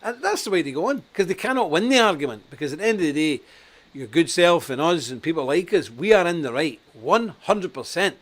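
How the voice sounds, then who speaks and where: A man's voice: on the high side, sing-song, fairly quick, a bit bright. A man from Scotland hosting a political talk show, blunt and emphatic, laughing at his own stories.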